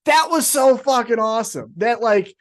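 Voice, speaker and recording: A man co-hosting a podcast, recapping wrestling in casual, profane, animated storytelling. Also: very high voice, moderate pace. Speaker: podcast co-host.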